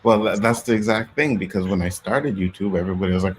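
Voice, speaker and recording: Low-voiced Canadian male host, animated casual storyteller. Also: fast, slight background noise, poor audio. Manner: animated storytelling, acts out quotes, laughs often. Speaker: podcast host. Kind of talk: casual chat.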